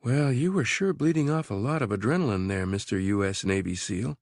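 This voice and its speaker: A man's voice: medium pitch, moderate pace, dry recording, studio quality, pitched above the performer's own voice, close to an everyday voice. A man voicing a brave, scholarly young woman in an audiobook, speaking with commanding conviction. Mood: calm explaining. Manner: commanding, fervent prayer delivery. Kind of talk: audiobook character voice.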